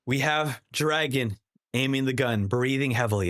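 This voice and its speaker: A young man hosting a reaction video, reading a comic aloud and reacting in an excitable way. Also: mid-range voice, moderate pace, faint music behind. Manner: excitable, animated.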